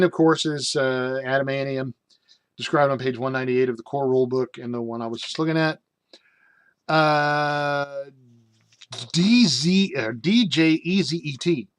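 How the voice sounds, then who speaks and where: A man casually reviewing a game rulebook, reading passages aloud and breaking off into rambling jokey asides full of fillers. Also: mid-range voice.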